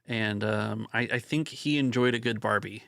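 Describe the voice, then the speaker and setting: A man's voice: on the low side, normal speed, creaky, fairly bright tone, no room sound, studio quality. A man chatting casually as a tabletop game player, joking at his own expense. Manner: self-deprecating, joking.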